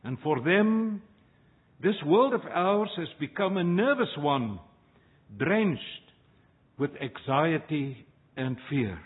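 Male pastor, high husky voice, unhurried sermon delivery, tinny lo-fi sound. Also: sing-song. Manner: slow, measured preaching with dramatic pauses.

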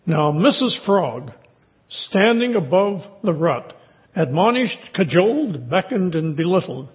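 Man, preacher, sermon storytelling, high voice, tinny lo-fi sound. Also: sing-song. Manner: measured storytelling delivery. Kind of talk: sermon with scripture reading and storytelling.

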